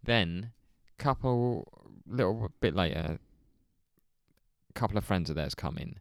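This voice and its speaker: A low-pitched man tells a story in casual podcast chat. His pitch swings widely as he acts out quotes, swearing and laughing often. The sound is dry and close. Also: expressive, slow, creaky, no room sound. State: hungover. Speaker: podcast co-host telling a story.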